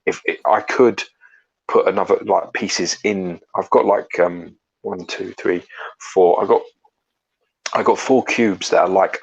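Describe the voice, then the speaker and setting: A man's voice: low-pitched, gravelly, slightly rough, muffled recording. A man co-hosting a casual livestream chat, giving frank, opinionated views and swearing freely. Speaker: co-host.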